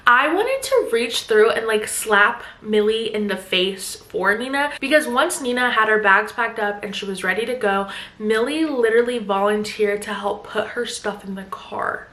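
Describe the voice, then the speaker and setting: A young woman retells a thriller in a chatty, gossipy way with plenty of fillers. Her voice is bright and sits fairly high. The room around her gives a clear echo. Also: animated, normal speed, few pauses. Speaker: book vlogger. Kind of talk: casual book recap. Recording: echoey room.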